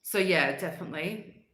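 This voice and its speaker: An Australian woman in her forties, talking casually with livestream viewers as a blunt, animated storyteller. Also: fairly low pitch. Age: 40s. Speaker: livestream host. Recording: roomy echo.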